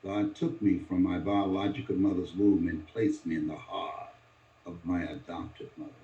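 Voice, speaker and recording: A man's voice: sits low, steady tone, moderate pace. A man in his seventies from Miami, giving a motivational speech as dramatic storytelling. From Miami, USA. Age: 70s. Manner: dramatic storytelling with sweeping voice changes. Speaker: motivational speaker. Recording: distant echoey dull lo-fi recording.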